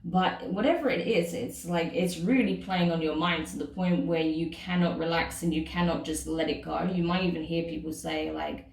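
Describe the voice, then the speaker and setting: A woman with a lowish, gravelly voice gives a casual tarot reading to the camera. She keeps checking in with the listener as she goes. Her voice sits back from the mic in an echoey room. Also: steady tone, normal speed, few pauses, far from the mic. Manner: chatty, frequent "okay?" and "right?" check-ins. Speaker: tarot reader.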